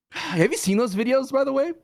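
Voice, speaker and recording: A man's voice: extremely high pitch, expressive, moderate pace. A man co-hosting a casual wrestling podcast, joking and laughing often, with exaggerated comic outbursts. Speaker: podcast co-host.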